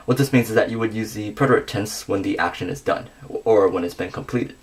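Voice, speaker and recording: Low-voiced young man teaching grammar. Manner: methodical, reads conjugations slowly with pauses. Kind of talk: scripted grammar lesson.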